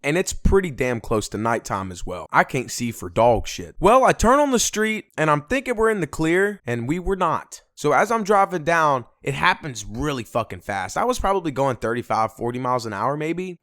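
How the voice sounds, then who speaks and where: Young man, slightly higher voice, dry close sound, casual storytime, lively, swearing. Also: no echo. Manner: animated, heavy swearing. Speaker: vlogger.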